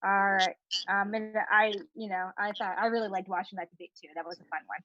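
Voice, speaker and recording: A woman's voice: medium pitch, fairly even intonation, fairly quick, no room sound, lo-fi sound. A woman hosting a live-streamed comedy debate, upbeat and giggly, with lots of fillers. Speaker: host.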